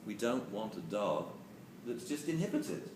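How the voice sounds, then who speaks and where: A dog training lecturer gives a lively live lecture to an audience in an echoey hall, animated and jokey, acting out quotes. His voice sits on the low side at a measured pace. The roomy recording comes from a distant camera mic with hiss.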